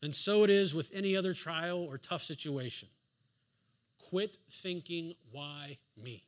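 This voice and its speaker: Speaking unhurriedly in a high-sitting voice, a man gives a sermon in a church sanctuary. He uses emphatic rhetorical questions to make his case, with the odd dry, sarcastic aside.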